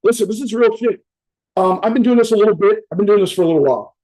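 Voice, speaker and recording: Over a video call to a virtual summit, a motivational speaker gives a casual talk that is blunt, profane and conversational. He has a high voice with a dark tone and speaks very fast.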